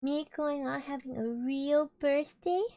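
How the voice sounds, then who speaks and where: Woman doing a slow, gloomy old donkey. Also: sits high, steady tone, dark tone, no room sound, voice pushed up. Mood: doubtful. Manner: slow, doleful, drawn-out.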